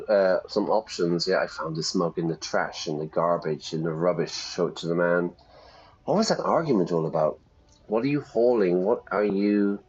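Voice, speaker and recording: An English teacher plays a game and chats casually, explaining words along the way in a let's-play lesson. His voice sits low, a little mellow and slightly rough, and the recording has a dull lo-fi sound.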